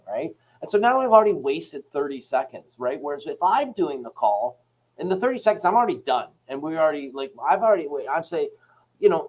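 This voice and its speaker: Animated and fairly quick, his voice runs on the high side with a darkish tone, captured in a rough recording. He's a Canadian sales company head and author rambling candidly on a casual podcast, playing out phone calls within his stories.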